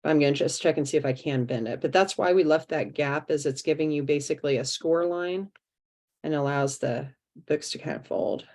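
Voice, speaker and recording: Her voice sits low and a little mellow, moving at a moderate pace. She's an art teacher leading a craft workshop on a video call, chatting away and breaking the project into steps while she works on it herself.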